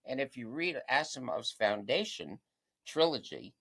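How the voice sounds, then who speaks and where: A man chatting as a guest on a local TV talk show, telling anecdotes with lively energy. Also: mid-range voice, unhurried, creaky, slightly rough. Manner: animated anecdotal storyteller. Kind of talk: casual chat, storytelling. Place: local TV studio.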